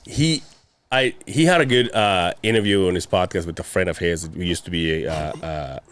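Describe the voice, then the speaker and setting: A man's voice: deep voice, moderate pace, fairly bright tone. A man co-hosting a podcast, talking in crude, rambling casual chat with many restarts. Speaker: podcast co-host.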